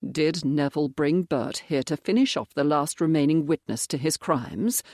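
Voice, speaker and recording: A narrator voicing a determined military gentleman who questions firmly in an audiobook. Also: medium pitch, moderate pace, no echo, clean studio sound, close to an everyday voice. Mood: grim. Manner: firm, pressing questions. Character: grim, determined male baronet and major.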